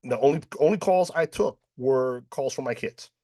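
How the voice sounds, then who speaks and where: A man from New York hosts a panel discussion, telling a personal story and acting out its dialogue while often adding "right?". His voice is medium-pitched and mellow at a normal speed, recorded with clean studio sound and no echo.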